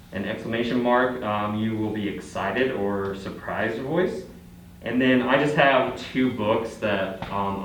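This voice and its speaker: A man giving a class presentation on reading fluency, talking hesitantly with many pauses and fillers. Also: lowish voice. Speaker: education student presenting. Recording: echoey classroom, distant mic, faint noise.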